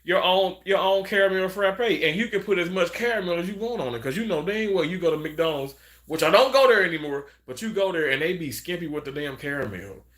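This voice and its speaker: Guy rambling on his live stream, bright punchy voice, says hi to folks by name. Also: high voice, animated, a little fast. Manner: chatty, rambling, greets viewers by name. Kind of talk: casual live-stream chat.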